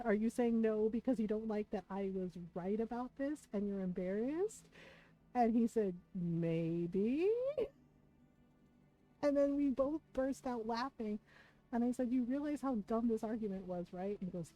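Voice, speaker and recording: A middle-aged woman chats on her stream and tells a story in a mellow, relaxed, mid-pitched voice. She is chatty and swears casually. She keeps asking 'right?'. Faint music plays behind her. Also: poor audio.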